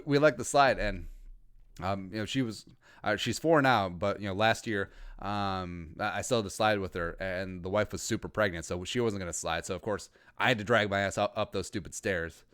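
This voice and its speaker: A man's voice: low voice, a little fast, fairly bright tone, clean tone. A man in his thirties from Minnesota hosting a casual livestream podcast, rambling and joking with crude asides. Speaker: podcast host.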